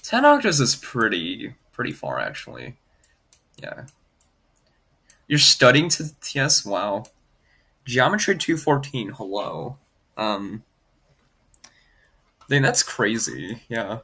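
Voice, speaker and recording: A man streams in a casual, rambling way, leaning on fillers and reading out comments as he goes. His voice swings widely in pitch and has a gravelly fry. The tone is bright with a husky grain. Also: wildly swooping pitch, slow, long pauses. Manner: rambling, heavy on "like" fillers, reads chat aloud. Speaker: streamer graphing in Desmos. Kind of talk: casual livestream chat.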